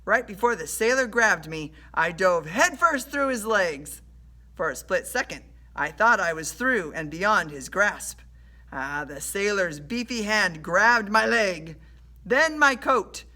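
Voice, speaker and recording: A woman reading a children's adventure story aloud in an animated storytelling way. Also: mid-range voice, slow pace. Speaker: storybook reader.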